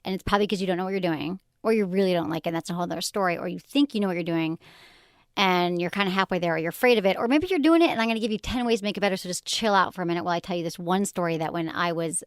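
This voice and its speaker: An American woman hosts a podcast in a lively, casual studio chat. She talks quickly and brings her stories to life by acting out the other people in them. The studio mic sounds close and dry. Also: on the low side, clean tone, dry recording. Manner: animated storyteller, acts out voices of others. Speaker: sex advice podcast host. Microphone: studio microphone.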